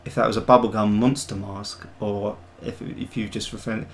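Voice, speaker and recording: A man's voice: on the low side, flat delivery, normal speed, a little hiss or hum. A middle-aged man chatting casually on a live stream, thinking aloud as he sculpts a 3D model. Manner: easygoing, thinking aloud while working.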